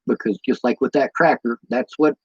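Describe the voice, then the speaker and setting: A man with a mid-range, breathy-edged voice talks at a moderate pace to his livestream chat, his Midwestern American accent audible as he wanders off on tangents, saying um a lot. Lack of sleep has left him tired; the audio is dry, dull, and lo-fi.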